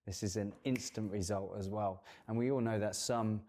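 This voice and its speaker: A hairdresser and salon owner appears as a guest in a casual interview chat, explaining earnestly and at length with fillers. His lowish voice is mellow, with fairly even intonation and a moderate pace.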